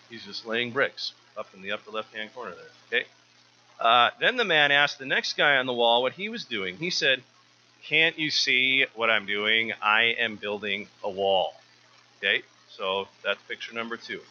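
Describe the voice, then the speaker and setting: Male church speaker, earnest and stumbly, very bright sharp tone, slightly dull recording. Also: medium pitch, a little hiss or hum. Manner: earnest, often repeats words while restarting. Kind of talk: informal sermon.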